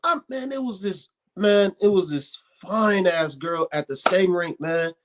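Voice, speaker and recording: A man's voice: high voice, unhurried, noisy background. A man in casual podcast chat, telling stories with lots of swearing and emphatic repetition. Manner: animated, profane storytelling, emphatic repetition.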